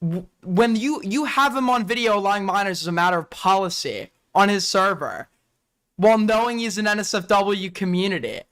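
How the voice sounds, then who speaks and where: A man's voice: high voice, fairly quick, fairly bright tone, clear, resonant tone. A young man giving casual livestream commentary, profane and rambling, often breaking off and restarting sentences. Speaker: streamer.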